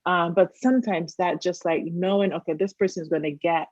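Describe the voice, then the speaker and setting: A woman hosting an interview, talking in a lively, chatty way with many fillers and quick laughs. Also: lowish voice, no echo. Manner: animated, laughs often, lots of fillers. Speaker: host. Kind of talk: casual interview chat. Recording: muffled dry video-call audio.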